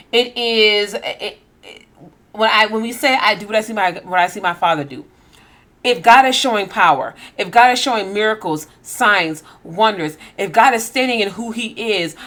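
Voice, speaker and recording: A woman's voice: a little high, moderate pace, fairly bright tone. A woman host giving an emphatic faith-based motivational talk, full of rhetorical questions.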